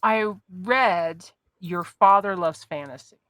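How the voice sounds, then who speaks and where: A woman hosts an interview podcast in casual chat, asking rambling questions and searching for her words. Her voice is medium-pitched, slow and a bit bright, and the recording is dry.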